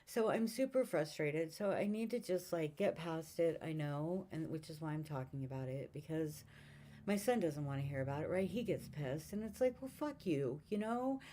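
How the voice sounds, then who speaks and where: A woman in her fifties, a vlogger, vents in a casual, rambling monologue, frustrated and swearing often. Her voice is deep with a dark tone and a moderate pace, and her mic sits far away.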